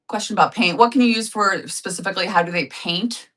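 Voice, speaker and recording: Chatting upbeat and casually with viewers, a woman hosts a live craft-supply sale in a fast, medium-pitched, slightly bright voice. She sounds far from the mic.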